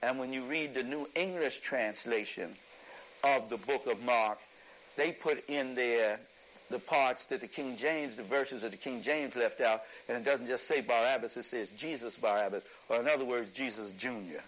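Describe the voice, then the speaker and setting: A man giving an impassioned lecture to an audience, preacherly and emphatic, rising at times to a shout and chuckling through his points. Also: medium pitch, moderate pace, poor audio.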